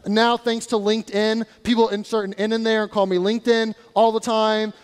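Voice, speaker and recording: A man's voice: high voice, little pitch movement, fairly quick, clean tone. A male pastor preaching a sermon in a conversational way, asking his congregation rhetorical questions. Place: church sanctuary. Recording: church hall reverb.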